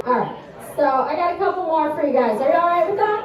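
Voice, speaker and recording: A woman doing a stand-up comedy set, rambling and self-deprecating, with a halting storytelling manner. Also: very high voice, expressive, a crowd in the background. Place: small comedy club stage. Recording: echoey club heard from a distance.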